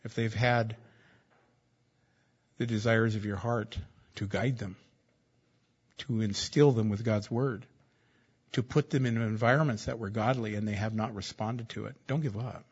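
A man's voice: fairly low pitch, steady tone, measured pace, pauses often, breathy edge, dull audio. A man preaching a sermon as pastor, in a conversational, joking style that repeats key phrases.

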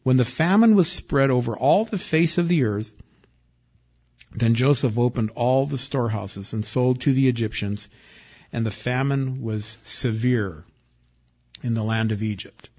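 A male pastor preaching a conversational expository sermon, swinging between loud emphasis and hushed asides. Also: mid-range voice, unhurried, husky. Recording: dull lo-fi recording.

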